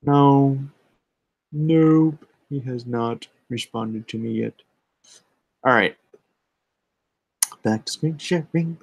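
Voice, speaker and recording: A man's voice: medium pitch, very slow, gravelly, long pauses, darkish tone, husky, no room sound. A comic artist hosting a casual livestream, reading viewer chat aloud and answering offhandedly while muttering asides about his setup.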